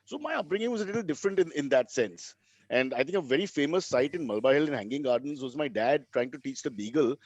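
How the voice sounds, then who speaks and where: Man, Indian English accent, wry deadpan storyteller, slightly high voice, dull dry lo-fi sound. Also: husky, dry recording. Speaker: comedian co-host. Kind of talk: comic storytelling.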